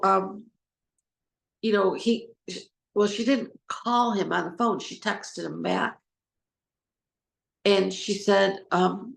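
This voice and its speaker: A woman's voice: medium pitch, creaky. A woman trauma recovery coach giving an informal talk, telling stories and acting out what others said. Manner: storytelling, acting out quoted voices. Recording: echoey room.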